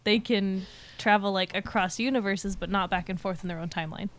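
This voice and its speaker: Relaxed young woman chatting about films. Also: mid-range voice. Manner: relaxed, fills pauses with "um" and short agreeing sounds. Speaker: podcast co-host. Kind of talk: casual chat about movies.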